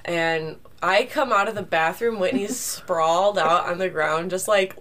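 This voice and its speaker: A woman's voice: fairly low pitch, unhurried, a bit bright. A woman co-hosting a podcast in casual chat, telling stories in an amused way and laughing often. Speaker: podcast co-host.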